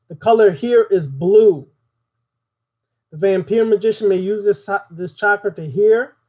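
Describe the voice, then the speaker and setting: High-voiced man teaching occult lore. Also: warm tone. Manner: preachy, asks the audience questions. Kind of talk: spoken lesson to a live audience.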